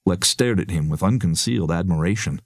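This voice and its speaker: A man narrating an action story in a steady, even storytelling manner. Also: low voice, a little fast, dry recording, clean studio sound. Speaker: audiobook narrator. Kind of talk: scripted narration.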